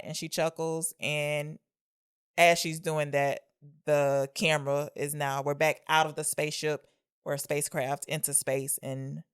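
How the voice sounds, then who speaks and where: A woman co-hosting a podcast, recapping a film in a chatty way and cutting in with quick questions and teasing asides. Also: sits low. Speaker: podcast co-host. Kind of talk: casual film discussion.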